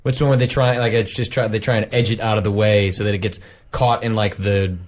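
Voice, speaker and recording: A man's voice: lowish voice, flat delivery, quick pace. A man on a podcast chatting casually, jokey, often trailing off mid-sentence. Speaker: podcast host. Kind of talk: casual chat.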